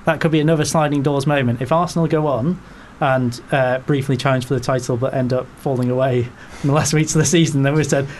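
A man hosting a casual football podcast, rambling with jokes and quick asides. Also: medium pitch, fairly even intonation, slight background noise. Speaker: podcast host.

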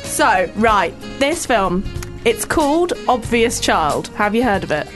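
A woman's voice: a little high, sing-song, slow pace, fairly bright tone, faint music behind. A woman in her twenties reviewing films on a radio show, chatty and mock-exasperated. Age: 20s. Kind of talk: casual on-air chat and review.

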